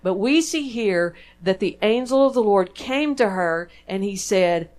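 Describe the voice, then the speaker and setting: A woman with a Texan drawl delivers a sermon from the front of a church. She talks in a warm-hearted conversational way, tossing questions out to the congregation. Her voice sits in a middle register for a woman. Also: mid-range voice, animated, a little slow. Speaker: preacher. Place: church sanctuary.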